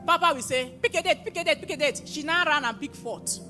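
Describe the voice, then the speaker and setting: A young woman telling a personal church testimony at a live prayer gathering, emotional and often rising into excited exclamations. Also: sits high, quick pace. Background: music playing.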